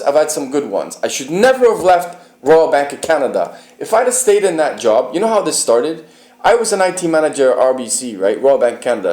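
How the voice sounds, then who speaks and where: A man's voice: a little high, darkish tone. Aggrieved man telling his story, echoey room. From United Kingdom. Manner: aggrieved, emphatic and profane, asking the listener to agree. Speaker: interviewee. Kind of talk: casual personal storytelling.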